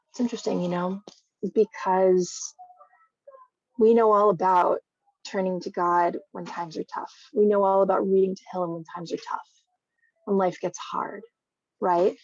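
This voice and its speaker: A woman gives an online Torah talk in a lively, conversational way, as if teaching friends. Her voice sits at a middle pitch. The recording is dry, with a slightly muffled, lo-fi sound. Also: unhurried, pauses often, dry recording. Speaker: guest speaker.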